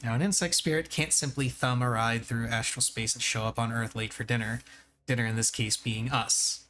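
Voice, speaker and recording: A man's voice: medium pitch, fairly even intonation, normal speed, a bit bright, close to an everyday voice. Brief: dry, knowing game lecturer, read by a man, faint room noise. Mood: wry. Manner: wry, explanatory.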